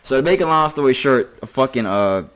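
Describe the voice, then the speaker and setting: A man's voice: mid-range voice, lively intonation, a little fast, crowd noise. A young man co-hosting a podcast, telling stories in casual chat, swearing a lot and acting out the quotes. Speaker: podcast co-host.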